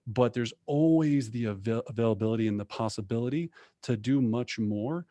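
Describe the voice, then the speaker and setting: A man's voice: mid-range voice, normal speed, mellow, no room sound. Enthusiastic rambling man host, dry sound. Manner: enthusiastic, rambling with many restarts. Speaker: podcast host. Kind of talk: interview conversation.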